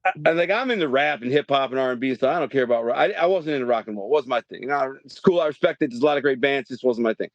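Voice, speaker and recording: A middle-aged man, from Detroit, telling his life story as a podcast guest in a streetwise, animated way and acting out the voices in his quotes. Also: mid-range voice, racing, no echo. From Detroit, USA. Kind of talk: casual storytelling. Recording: dry, dull podcast audio.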